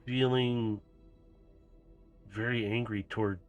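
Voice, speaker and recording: Man voicing a small female robot, worried, hesitant, low voice, faint music. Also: steady tone. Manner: hesitant, halting.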